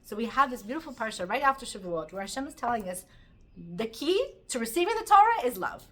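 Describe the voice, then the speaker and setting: Bright, animated woman teacher. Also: on the high side, fast talker. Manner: animated storytelling, mixes Hebrew terms. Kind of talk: Torah class.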